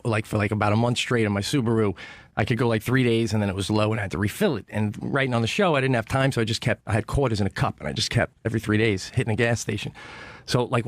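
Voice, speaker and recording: A man telling a story on a talk radio show, fast and animated with lots of swearing, in a radio studio. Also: lowish voice, no echo. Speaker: guest comedian.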